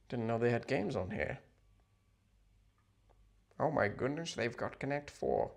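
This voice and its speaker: A man chatting casually with viewers on a livestream from a hotel room, rambling, playful and sarcastic, jumping between loud outbursts and mutters. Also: mid-range voice, lively intonation, slow pace, gravelly, long pauses. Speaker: livestream host.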